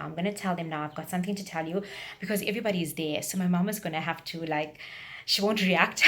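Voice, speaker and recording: A woman's voice: lowish voice, fairly bright tone. A woman, telling a personal story on her vlog in a chatty, rambling, frank way. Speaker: vlogger.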